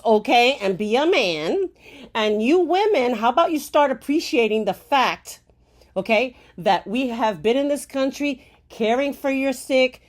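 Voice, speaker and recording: A woman from Puerto Rico in an angry rant to camera. She is heated and profane, firing rhetorical questions with "okay?" tags and swinging between loud outbursts and low, bitter murmurs. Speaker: commentator.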